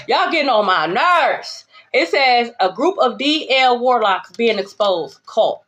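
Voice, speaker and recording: A woman giving a spiritual tarot reading to her viewers, blunt and profane, swinging between calm reassurance and heated calling-out. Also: fairly high pitch, unhurried. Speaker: tarot reader. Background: background music.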